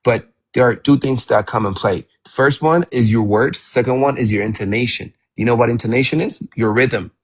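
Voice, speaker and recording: A male English teacher hosting a live session, talking in a lively, encouraging coaching manner. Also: mid-range voice, moderate pace, few pauses.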